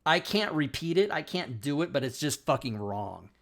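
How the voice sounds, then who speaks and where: A man's voice: fairly high pitch, very animated, moderate pace, fairly bright tone. A man from Kentucky ranting bluntly in casual chat, swearing as he goes.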